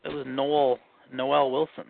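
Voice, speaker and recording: A man's voice: mid-range voice, little pitch movement, unhurried, creaky, no echo. Rambling man, faint Minnesota accent. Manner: rambling, self-correcting storyteller. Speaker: guest recalling his life. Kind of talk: casual conversation. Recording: phone-like narrow band.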